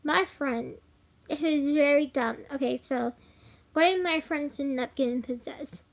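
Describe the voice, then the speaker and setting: A woman's voice: high-pitched, unhurried, vocal fry. A young woman vlogger, casually rambling through a ghost story with lots of fillers and giggles.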